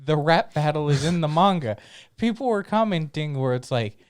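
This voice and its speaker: A man's voice: fairly high pitch, lively intonation, moderate pace, smooth, no echo, clean studio sound. A man co-hosting a podcast in casual chat, laid-back and often laughing. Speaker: podcast co-host. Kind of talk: casual chat about anime.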